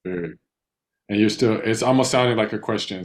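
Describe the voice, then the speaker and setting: A man's voice: lowish voice, fairly quick. Patient male language teacher. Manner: patient, corrective, encouraging. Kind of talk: online class instruction.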